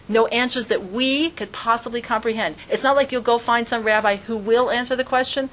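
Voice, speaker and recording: A woman's voice: on the high side, a bit bright. A woman teaching an informal religious class, earnest and conversational, with strings of rhetorical questions. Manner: conversational, frequent fillers like "like".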